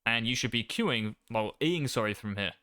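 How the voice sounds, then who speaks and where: A young man talks through gameplay as a coach, brash and sure of himself, swearing freely. His voice is bright and forceful, crisp and smooth, and it sits close and dry with no room around it. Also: medium pitch, expressive, normal speed, no echo. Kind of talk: casual gameplay coaching commentary.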